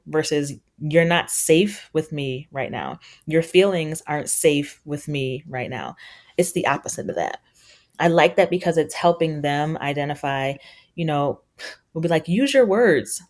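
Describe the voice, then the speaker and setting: A woman's voice: low voice, darkish tone. A woman guest on a parenting podcast, earnestly explaining her ideas with examples and quoting what parents and kids say. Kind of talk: conversational interview.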